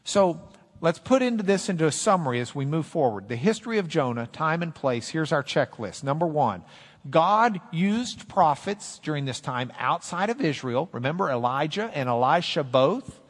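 A man preaching a sermon, animated, quoting scripture in dramatic voices. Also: on the high side, moderate pace. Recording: long hall reverb.

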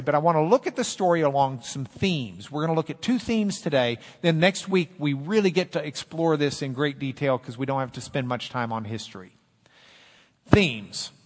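A man preaching a sermon, animated, quoting scripture in dramatic voices. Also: fairly high pitch. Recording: long hall reverb.

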